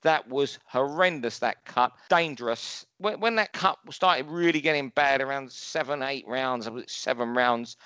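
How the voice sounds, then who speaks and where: Ranting London boxing pundit. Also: male voice, medium pitch, normal speed, few pauses, sharp tone, smooth, no echo, highs cut off. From London, England. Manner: chatty, ranting, opinionated. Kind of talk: casual podcast chat.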